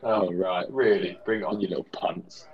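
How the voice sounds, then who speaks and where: A British man co-hosting a comedy podcast, giving dry, deadpan replies in scripted pub banter. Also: low voice, normal speed, dull audio. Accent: British English. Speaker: podcast co-host.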